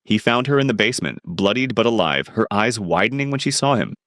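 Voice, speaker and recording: Lively male story narrator. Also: on the low side, fairly quick, no room sound, clean studio sound. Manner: dramatic, storytelling.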